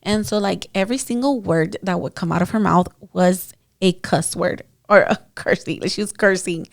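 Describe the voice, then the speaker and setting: A woman's voice: mid-range voice, moderate pace, vocal fry, dry recording, clean studio sound. A woman esthetician hosting her podcast, telling client stories in a chatty, casual way with lots of fillers, speaking into a podcast mic. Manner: chatty, many fillers, addresses listeners as guys. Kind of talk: casual storytelling monologue.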